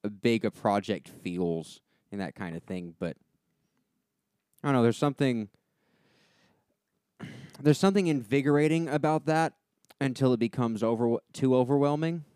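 A man's voice: mid-range voice, moderate pace, long pauses, warm tone, clean tone, no echo, studio quality. A man co-hosting a casual podcast chat, rambling with many fillers. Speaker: podcast co-host.

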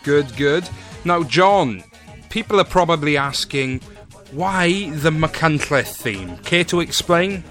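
A man hosts a casual podcast in a bright, forward voice. He teases his guest with quick, cheeky banter. Faint music plays behind him. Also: fairly high pitch, expressive. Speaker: podcast host.

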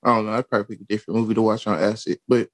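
A man in casual chat, relaxed and hesitant, with frequent ums and restarts. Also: fairly low pitch, very fast, no room sound.

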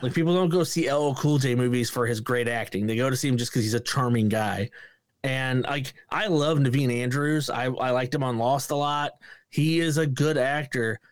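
On a casual movie review podcast, this male co-host swears without restraint and acts out lines in quick, put-on voices with plenty of animation. His voice sits mid-range and his pace is moderate, captured as clean studio sound with no room echo.

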